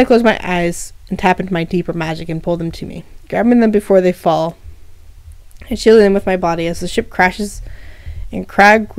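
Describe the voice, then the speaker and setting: A woman's voice: fairly low pitch, darkish tone, no room sound. A woman reading her own fan fiction aloud on a livestream, breaking off for casual asides with fillers. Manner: casual asides with fillers between story passages.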